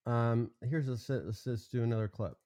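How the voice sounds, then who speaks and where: A man co-hosting a talk show, speaking in a low-key, mumbled manner. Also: steady tone, moderate pace, dark tone, dry recording. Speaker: news show co-host. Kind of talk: casual chat show banter.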